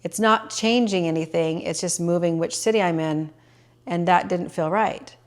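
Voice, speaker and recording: A woman's voice: fairly low pitch, moderate pace. Earnest, emotional middle-aged woman. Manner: earnest, openly emotional, with many fillers. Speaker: podcast host. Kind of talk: personal reflective podcast monologue.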